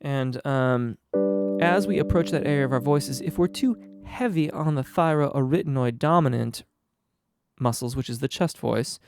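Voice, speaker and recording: A male singing teacher answering viewer questions live, a bit under the weather, explaining in a relaxed way with frequent ums and restarts. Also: medium pitch, moderate pace, music in the background. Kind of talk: live Q&A on voice technique.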